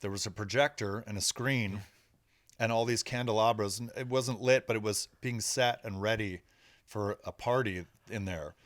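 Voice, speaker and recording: A man with a low voice tells a story as a podcast guest. He is laid-back and reflective, and he sounds close to the mic in a very dry setting. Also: normal speed, no room sound. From United States. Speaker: rock musician guest. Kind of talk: casual storytelling interview.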